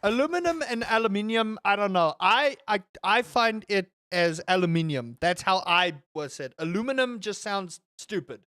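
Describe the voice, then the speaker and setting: A gaming streamer chatting casually with viewers while playing, rambling and swearing, with sudden high outbursts. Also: moderate pace, hardly any pauses, no room sound. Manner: animated, rambling, swears, jumps to high shouts.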